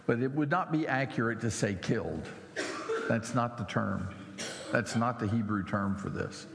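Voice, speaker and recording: Gravelly, animated preacher man in an echoey hall. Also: moderate pace. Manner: animated, mocking voices rising high and loud. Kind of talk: sermon. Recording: echoey hall with faint noise.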